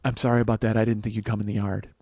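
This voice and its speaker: A man quoting an apologetic young woman who owns a dog, in a lower, softer voice. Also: little pitch movement, very fast.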